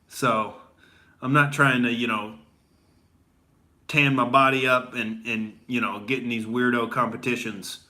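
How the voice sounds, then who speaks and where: A man's voice: medium pitch, fairly even intonation, a little slow, pauses often, pushed and bright. A young adult man doing a comedy rant as a boastful gym bro, rambling with lots of "dude" and "all right?". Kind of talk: stand-up style comedy rant.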